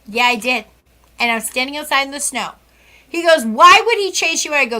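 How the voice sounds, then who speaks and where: A woman with a high, bright voice telling ghost stories in casual chat. She plays out every quoted line with sighs and laughs. She is a guest on a podcast. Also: normal speed. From Central West Massachusetts. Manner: animated, acts out quoted dialogue with sighs and laughs. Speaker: psychic medium guest. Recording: podcast interview.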